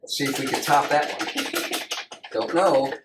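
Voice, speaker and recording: A man's voice: fairly high pitch, measured pace, recorded from a distance, music in the background. A man co-hosting a casual question game, rambling and hedging his guesses. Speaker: co-host. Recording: roomy sound from off-mic.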